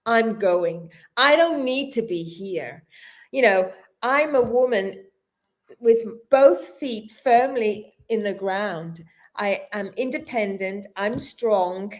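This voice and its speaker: A middle-aged British woman, a talk show guest, telling lively stories with frequent laughter. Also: mid-range voice, slow pace. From Britain. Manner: expressive storyteller, laughs often. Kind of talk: live-streamed talk show chat.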